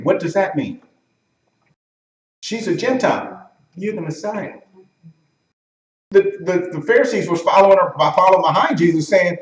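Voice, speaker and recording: A man's voice: high-pitched, lively intonation, normal speed, long pauses, distant mic. Echoey, off-mic man preaching a teaching sermon. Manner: conversational, questions the congregation, acts out quotes. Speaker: pastor. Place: church sanctuary.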